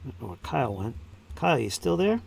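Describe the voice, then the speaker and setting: A man's voice: mid-range voice, sing-song, fast talker, creaky, faint music behind. A man hosting a live stream, chatting casually and muttering to himself while he paints miniatures. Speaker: channel host painting miniatures.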